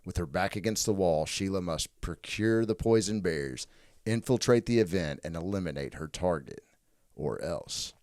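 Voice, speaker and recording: A man with a Southern American accent, co-hosting a comedy podcast in a loose, laughing, profane way. His voice sits fairly low and he starts over often mid-sentence. The sound is close and dry. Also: animated, moderate pace, darkish tone, dry recording. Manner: laughing, profane, self-interrupting. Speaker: podcast co-host. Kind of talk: casual comedic chat, reading a movie pitch.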